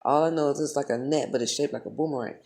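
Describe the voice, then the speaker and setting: A low-pitched woman tells a story straight to her audience. She talks in a heated, profane and animated way, in the loose flow of a casual vlog. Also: fast talker. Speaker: vlogger.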